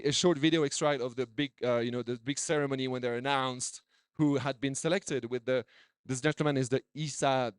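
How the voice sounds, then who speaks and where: A man's voice: medium pitch, clear, resonant tone, no room sound. A man, a doctor, giving a conference talk with slides, chatty, with many restarts and repeated words. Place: conference hall.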